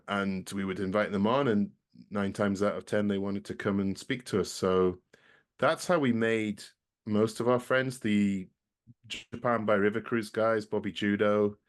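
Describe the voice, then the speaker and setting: A man appearing as a podcast guest, chatting casually and rambling with a self-deprecating, apologetic manner. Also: fairly low pitch.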